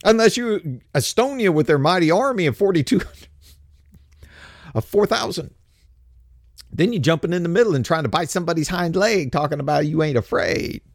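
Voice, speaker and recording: An older male host delivers a sarcastic political commentary monologue, blunt and coarse. His voice sits high for a man and swings all over the place. The sound is dry and close, with no room echo. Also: expressive, moderate pace, vocal fry, pauses often. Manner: mocking and sarcastic, laughs often; blunt, coarse street talk.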